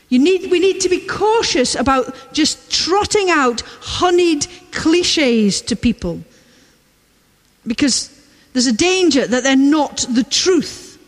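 A high-voiced woman delivers a sermon at an unhurried pace, repeating key lines for weight. Her voice rings out with the long reverb of a large church. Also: expressive. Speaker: preacher.

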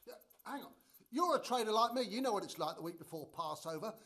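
Guy doing a chatty market trader dad, wry storyteller, high and swoopy. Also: animated, quick pace, fairly bright tone. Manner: gossipy storytelling, wry asides. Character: chatty middle-aged male fig trader, proud father. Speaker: actor in a church sketch. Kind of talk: church drama sketch.

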